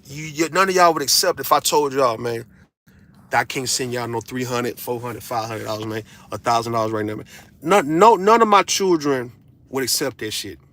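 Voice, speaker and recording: A man's voice: medium pitch, moderate pace, fairly bright tone. A father ranting to his audience in a casual monologue, blunt and profane, hammering his points with repeated phrases.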